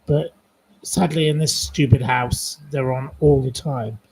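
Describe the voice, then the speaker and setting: A man's voice: mid-range voice, a little slow, a little mellow, husky, poor audio. A man from northwest England hosting a casual live quiz from home, rambling and chatty with many fillers. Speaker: livestream host running a quiz.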